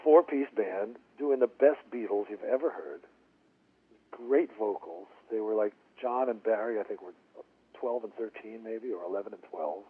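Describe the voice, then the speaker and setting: A man's voice: fairly low pitch, normal speed, slightly rough. A man, a guitarist guest on a radio interview, telling stories and acting out what people said. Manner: animated storyteller acting out quotes. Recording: phone-line audio.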